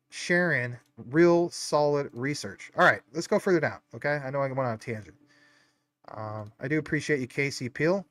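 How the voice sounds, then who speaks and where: A man's voice: medium pitch, fairly bright tone, dry recording. Guy with a stuffy nose rambling on his livestream, lots of ums, dry mic. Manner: rambling, many fillers and tangents. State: stuffy nose, a little choked up. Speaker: livestream host. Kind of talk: casual live chat.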